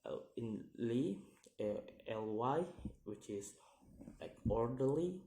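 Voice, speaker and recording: A man explaining a pronunciation lesson hesitantly, with many fillers, slowly repeating each example word. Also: medium pitch, mellow, a little hiss or hum. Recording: echoey room.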